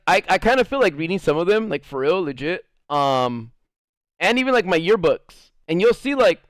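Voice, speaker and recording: A man's voice: on the high side, clear, resonant tone, no echo, clean studio sound. A man streaming and casually telling a story to his chat, rambling with lots of fillers, cursing and laughing often.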